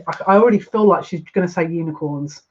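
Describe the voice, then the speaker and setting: A woman giving a live card reading as a psychic, gushing and excitable, easily overwhelmed with emotion. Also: fairly low pitch, quick pace, slightly rough, dull audio.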